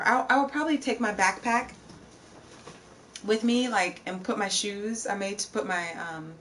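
A woman's voice: mid-range voice, fairly bright tone, slight background noise. Chatty woman streamer, slightly distant mic. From Virginia, USA. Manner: chatty, reads out and answers chat. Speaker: live streamer. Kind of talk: casual live stream chat. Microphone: streaming setup.

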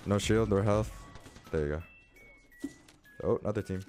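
A young man giving live commentary on his own gameplay as a streamer, excitable and swearing, swinging from low mutters to yelling. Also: normal speed, soft background music.

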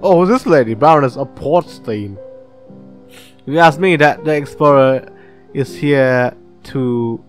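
A man's voice: mid-range voice, unhurried, soft background music. A man hosting a casual let's-play, reading the game's text aloud and reacting with laughs and swearing. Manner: chatty, swearing, reads game text aloud, laughs often. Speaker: gaming channel host.

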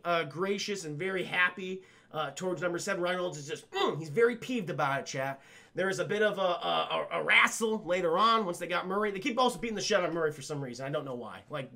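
A man's voice: on the high side, vocal fry, sharp tone. A young man on a livestream, casually recapping a film scene by scene for his chat, rambling and swearing as he goes. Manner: rambling, profane, keeps addressing the chat.

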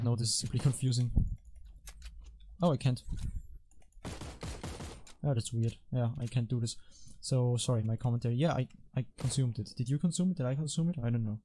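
A man's voice: mid-range voice, mellow, a little hiss or hum. A man hosting casual gameplay commentary, rambling and self-mocking, with frequent exasperated outbursts at his teammates. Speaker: gaming channel host.

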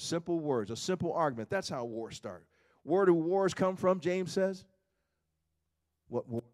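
A male pastor preaching a sermon in a conversational way, repeating words and asking the congregation rhetorical questions. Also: on the high side.

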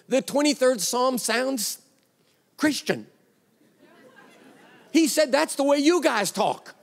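A man preaching a sermon, telling a story with quoted dialogue and an emphatic delivery. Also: very high-pitched. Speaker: pastor. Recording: long reverb of a large hall.

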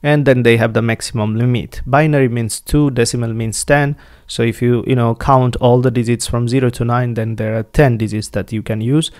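A man's voice: mid-range voice, steady tone, normal speed, darkish tone, no room sound, clean studio sound. A man with a Bangladeshi accent giving a patient, step-by-step programming lesson, often restarting his phrasing. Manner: patient, repeats points with restarts. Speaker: programming tutor.

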